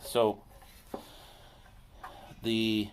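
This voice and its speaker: A man with a fairly low voice talks slowly and casually while he tinkers with a machine outdoors, rambling and joking at his own expense. Clear background noise runs under the recording. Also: completely flat delivery. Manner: rambling, self-deprecating, talks to himself while working. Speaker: landscaping business owner repairing equipment. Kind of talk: casual chat while working.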